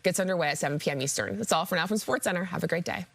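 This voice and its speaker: A woman's voice: on the low side, vocal fry. A woman presenting a playful sports news segment. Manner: brisk, playful scripted delivery. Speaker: sports anchor. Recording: studio with music bed.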